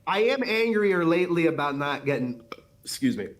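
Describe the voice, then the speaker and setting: A man's voice: on the high side, very animated, normal speed, a crowd in the background. A man in a heated, casual podcast argument, defensive and swearing often.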